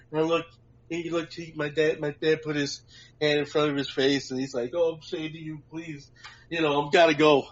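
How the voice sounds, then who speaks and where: A man co-hosting a podcast, telling a long, profane, animated story about a prank with lots of laughter. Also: a little high. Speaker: podcast co-host. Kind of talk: casual storytelling chat. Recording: muffled lo-fi audio.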